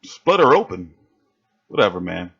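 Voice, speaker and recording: A man's voice: deep voice, normal speed, gravelly, slightly rough, dull audio. Fired-up profane streaming man. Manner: animated, swearing, fired-up. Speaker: livestream host reacting to boxing. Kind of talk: casual profane livestream rant.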